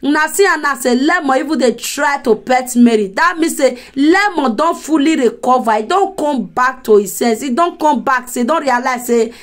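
A woman's voice: sits high, lively intonation, normal speed, hardly any pauses. A woman with a Nigerian accent giving casual gossip commentary, chatty and often laughing as she speaks straight to her viewers.

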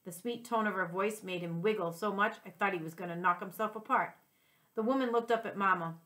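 A woman reading a children's chapter book aloud as a teacher, in a gentle and clear storytelling voice. Her pitch sits in a middle range, and she corrects the occasional slip as she goes. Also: fairly quick. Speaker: second-grade teacher.

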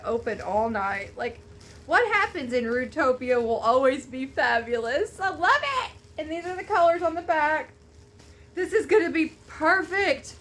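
A woman vlogger chatting to camera at home while unboxing a gift, gushing and excitable. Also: high voice, a little hiss or hum. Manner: gushing, excitable, Southern-style "y'all". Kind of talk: casual chat to camera.

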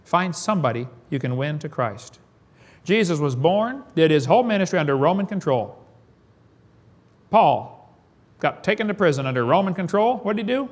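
A man with a Southern US accent preaching a sermon in a folksy, joking way, swinging between loud and soft. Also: fairly high pitch, lively intonation, brisk. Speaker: evangelist preacher.

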